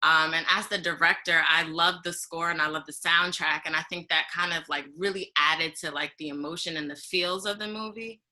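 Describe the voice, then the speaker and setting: A woman interviewer asks her questions with enthusiasm, affirming her guest as she goes. Her tone is strikingly bright. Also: low voice, fairly even intonation, moderate pace, few pauses.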